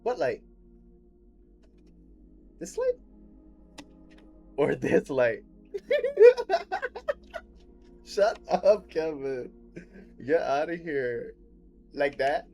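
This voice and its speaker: Excitable, high-voiced male streamer. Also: takes it slowly, vocal fry, soft background music. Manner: excitable, cheers and laughs often. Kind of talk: casual gaming livestream chat.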